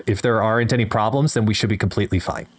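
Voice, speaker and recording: Lower-voiced, halting male podcast co-host. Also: background noise. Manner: earnest, halting, many restarts. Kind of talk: casual chat.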